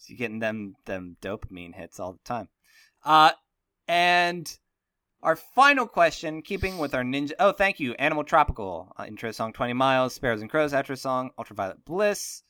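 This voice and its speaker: A man's voice: medium pitch, expressive, normal speed, bright, forceful tone, no room sound, clean studio sound. A man hosting a casual podcast, joking and rambling with lots of fillers. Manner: jokey, rambling with many fillers. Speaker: podcast host.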